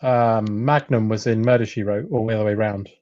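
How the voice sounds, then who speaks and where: Bloke cohosting a podcast, dry rambling jokes, kinda dull muffled lo-fi sound. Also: male voice, lowish voice, fairly even intonation, fairly quick, darkish tone, no echo. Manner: dry, rambling jokes, reads out listener messages. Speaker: podcast co-host. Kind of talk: casual comedy chat.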